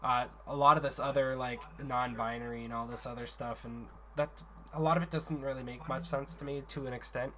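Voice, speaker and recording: A man's voice: mid-range voice, fairly even intonation, a little fast, hardly any pauses, bright, forceful tone, slight background noise. A man in a casual voice chat, earnestly explaining a gaming community's conduct rules at length, often restarting his sentences.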